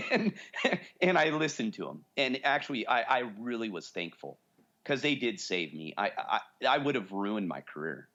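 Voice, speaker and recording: This forties-aged man has a sharp-toned voice on the low side, with big pitch swings and a moderate pace, recorded with dull audio. Co-hosting a podcast, he tells long, rambling stories and acts out quoted voices in casual chat.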